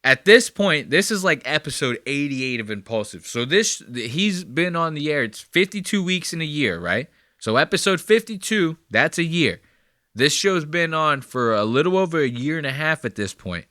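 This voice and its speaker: A man's voice: fairly high pitch, very animated, normal speed, sharp tone, no room sound. A man hosting a podcast, riffing crude and profane comedic commentary in a rambling, conversational way on a close mic. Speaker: podcast host.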